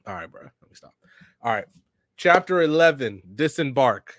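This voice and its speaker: A man casually reading a manga aloud for a reaction podcast, narrating scenes in slangy, relaxed speech and reading character lines without much change in voice. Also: mid-range voice, brisk, no echo, studio quality. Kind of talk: casual read-along reaction.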